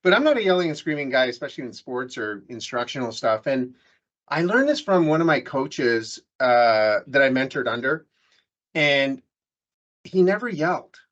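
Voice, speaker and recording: A man's voice: mid-range voice, big pitch swings, normal speed, a bit bright, muffled recording. A man hosting a business podcast, telling stories in a loose, jokey way with many restarts. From Canada. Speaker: podcast host. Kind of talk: casual business interview chat.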